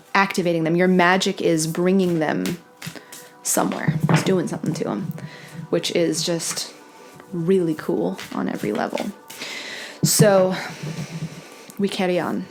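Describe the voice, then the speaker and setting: A woman giving an intuitive tarot reading to camera, talking in a dreamy, meandering way, often correcting herself with soft laughs. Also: on the low side. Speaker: tarot reader.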